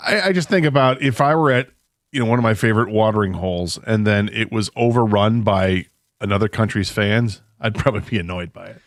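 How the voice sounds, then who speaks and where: A man's voice: on the low side, fairly quick, dry recording. A man co-hosting a sports talk radio show, talking in a dry, unimpressed way. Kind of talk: casual sports radio chat. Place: radio studio.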